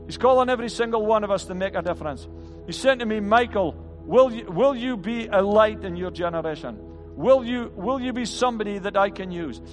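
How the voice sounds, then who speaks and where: A man's voice: high-pitched, big-room sound. A male pastor preaching an earnest sermon, often stumbling and restarting his words. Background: band music.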